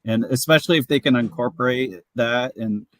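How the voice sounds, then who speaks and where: A man's voice: medium pitch, brisk, a bit bright, dry recording, poor audio. A man talking in a casual panel discussion, thoughtful and hedging with fillers.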